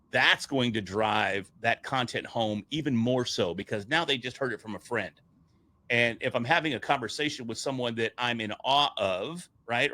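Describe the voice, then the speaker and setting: A man with a bright, forceful voice tells his story with energy, slipping into the voices of the people he quotes. He talks the way a seasoned stage speaker chats with a friend, loose and conversational. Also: mid-range voice. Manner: animated, acts out quoted dialogue. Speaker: public speaker and podcast guest.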